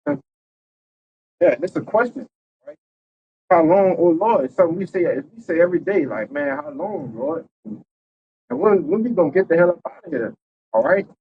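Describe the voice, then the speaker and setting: A man's voice: high voice, animated, normal speed, pauses often, phone-quality sound, slight background noise. A man teaching a Bible lesson in a loose, conversational preaching style, tagging his points with rhetorical questions. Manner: loose and conversational, tags lines with "man" and "right?".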